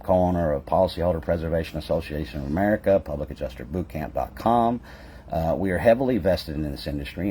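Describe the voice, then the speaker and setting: Deep, low-pitched man delivering a fervent direct address, heavy on repeated rhetorical questions, faint noise behind. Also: warm tone. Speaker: public adjuster business owner. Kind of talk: impassioned direct-to-camera address.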